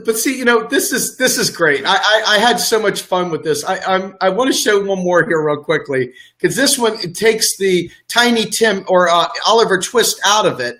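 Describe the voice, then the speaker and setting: A male host talks in a high, bright, forceful voice. His delivery is chatty and full of small restarts as he brings up material for his guest. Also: animated, normal speed, few pauses. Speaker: show host. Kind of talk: casual show hosting.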